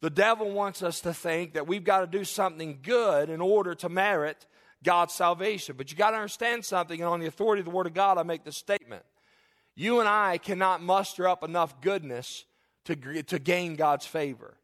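A man's voice: high voice, brisk, fairly bright tone. A middle-aged male pastor preaching a sermon earnestly, with folksy asides and frequent restarts. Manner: folksy, joking asides to the congregation.

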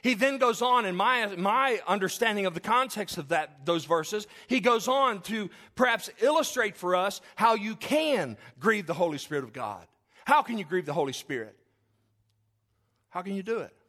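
A man pastor preaching a sermon in a church, shifting between loud exclamations and soft asides as he tells stories. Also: high voice, animated, normal speed. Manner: storytelling, swings from loud to soft.

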